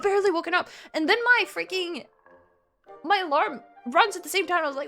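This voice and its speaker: Woman, live streamer, casual chat, giggly, rambling, high lively voice. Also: a little fast, faint music behind.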